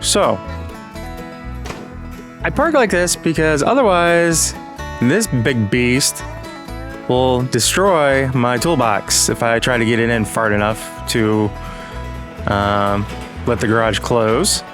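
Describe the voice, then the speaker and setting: A man with a slightly hoarse, frog-in-the-throat voice, rambling casually with lots of ums and uhs as he hosts a farming game let's-play. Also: medium pitch, slow pace, long pauses, music in the background. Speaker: gaming channel host.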